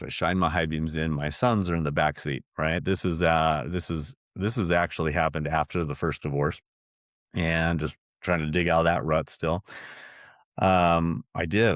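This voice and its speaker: A man's voice: low voice, no echo, clean studio sound. A middle-aged man as a podcast guest, telling a personal story earnestly, with many restarts and fillers.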